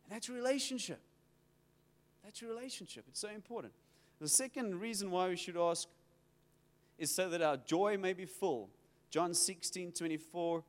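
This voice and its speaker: Man, pastor, sermon, animated storyteller, high voice, long hall reverb. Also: normal speed, pauses often. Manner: animated storytelling, acts out quoted prayers.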